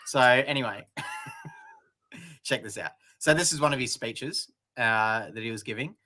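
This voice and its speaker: A man's voice: medium pitch, measured pace, sharp tone. A man with an Australian accent co-hosting a casual comedic news chat, laid-back and sarcastic, often trailing off. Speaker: co-host.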